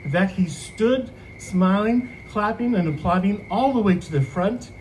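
A man who works as a student affairs advisor, telling a personal story on a podcast in an animated way and laughing often. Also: high-pitched, measured pace, a little hiss or hum, rough recording.

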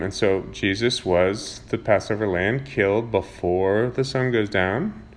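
A man reading scripture aloud and explaining it conversationally, stopping often to restart a thought. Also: lowish voice. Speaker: Bible teacher. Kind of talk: casual scripture reading and commentary.

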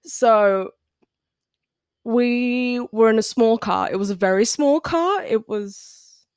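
A chatty teenage girl talks through her own podcast in a loose, rambling way, laughing easily between thoughts and leaning on "like". Her voice sits at an ordinary middle pitch. The recording is close and dry, with no room around her. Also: no echo. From Australia. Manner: giggly, chatty, lots of "like" fillers. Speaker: podcast host. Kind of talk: casual solo podcast chat.

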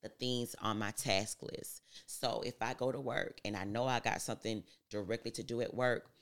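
A woman's voice: rumbling low, fairly even intonation, moderate pace. A woman talking casually to her viewers, reciting affirmations with growing emphasis and laughing easily between thoughts. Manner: chatty, laughs easily, talks straight to viewers. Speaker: vlogger sharing a morning routine. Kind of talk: casual motivational talk.

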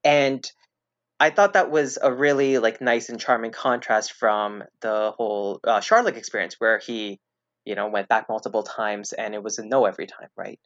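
A man chatting casually as a podcast guest, rambling and hesitant, restarting his sentences and filling pauses as he goes. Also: fairly low pitch, steady tone, fairly bright tone, dry recording. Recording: dull lo-fi dry recording.

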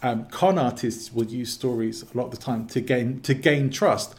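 Measured English man, guest. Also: mid-range voice. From England. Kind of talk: casual interview talk.

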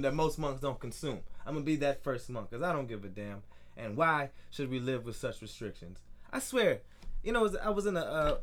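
A young man hosting his own podcast, ranting alone in a frustrated, profane way and often restarting his sentences. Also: medium pitch. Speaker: podcast host. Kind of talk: solo podcast rant.

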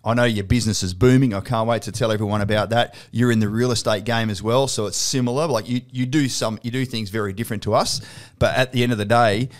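A man's voice: on the low side, steady tone, quick pace, few pauses. A middle-aged Australian man hosting a podcast interview, chatty and laughing often, swearing freely. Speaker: podcast host.

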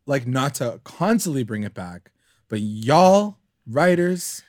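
A man chatting casually about a TV show, animated and swearing freely as he mimics the characters. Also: medium pitch, slow pace, no room sound, studio quality. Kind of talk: casual TV recap chat.

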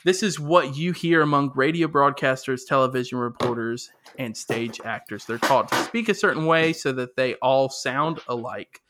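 A man co-hosting a casual podcast, talking in an animated way, laughing often and reading questions aloud. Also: medium pitch, normal speed, few pauses, background noise. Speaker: podcast co-host. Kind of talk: casual chat.

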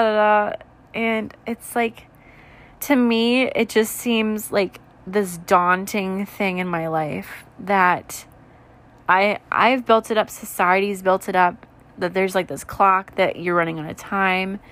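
A tired, yawning woman in her twenties rambles candidly in a soft, low voice during a late-night reflective vlog chat. She fills her talk with lots of "like" and "you know."

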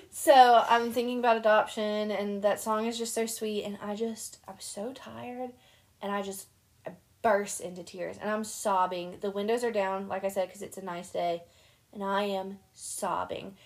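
Young woman, podcast co-host, casual chat, animated storytelling, laughs a lot. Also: medium pitch, normal speed.

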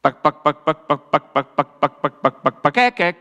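A man's voice: on the high side, lively intonation, a little fast, pushed and bright, big-room sound, highs cut off, soft background music, pitched below the performer's own voice. A man imitating a clucking barnyard chicken. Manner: repetitive clucking.

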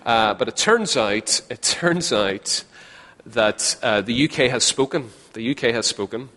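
A Northern Irish man preaches to a live crowd in a chatty, joking way, repeating his key phrases for emphasis. His voice sits at an everyday middle pitch. The sound rings with the long reverb of a large hall. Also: animated, a little slow, pushed and bright. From Northern Ireland. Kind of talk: sermon.

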